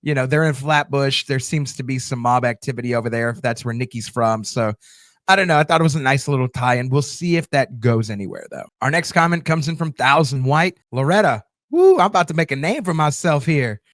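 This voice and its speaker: A man's voice: mid-range voice, expressive, a little fast, a bit bright, no room sound, clean studio sound. A man hosting a TV show review channel, casually answering viewer comments with lots of fillers and restarts. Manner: loose, chatty, many fillers and restarts.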